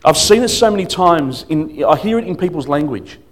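A man preaching as a guest speaker at a church service, emphatic, swinging between loud declarations and quiet asides. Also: a little high, lively intonation, a little fast. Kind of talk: sermon.

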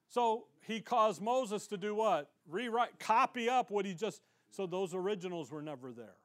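A man's voice: high-pitched, expressive, measured pace. A male pastor preaching a sermon in a conversational way, acting out the voices of the people he quotes.

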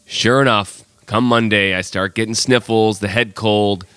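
A man's voice: lowish voice, steady tone, unhurried, a bit bright, clear, resonant tone, no echo. A man hosting a casual podcast, sick with a cold, telling his story in a chatty, exasperated way. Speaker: podcast host.

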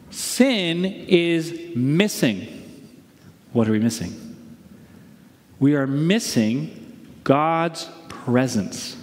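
A man with a high voice preaches to his congregation in an easy, conversational way, often pausing on rhetorical questions. His voice rings out with a long reverb from a large church hall. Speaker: pastor. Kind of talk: sermon.

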